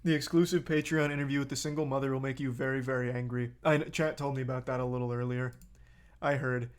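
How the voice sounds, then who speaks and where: A man's voice: medium pitch, steady tone, fast. A man streaming a casual reaction to a video, blunt and profane, who gets heated as he comments.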